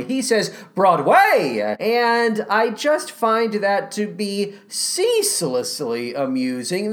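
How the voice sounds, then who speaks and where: A woman hosting a podcast in a playful, animated way, with a slightly scratchy voice. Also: mid-range voice. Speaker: podcast host. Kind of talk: casual podcast chat.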